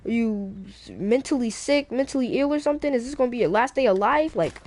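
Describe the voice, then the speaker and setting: A woman's voice: a little high, animated, fast talker, darkish tone, natural voice. Woman doing a worried nerdy teen boy. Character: anxious, nerdy teenage boy hero.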